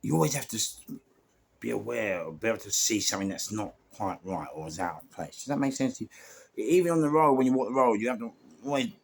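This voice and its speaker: Slight background noise accompanies a lowish, fast voice with vocal fry and a London accent. This podcast guest casually recounts his door security days in a rambling way, with many restarts, fillers, and animated asides.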